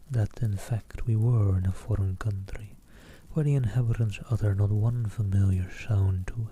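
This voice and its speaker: Man, soft unvoiced whisper, ASMR book reading, low voice, faint static hiss. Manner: self-deprecating asides between passages. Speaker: ASMR streamer.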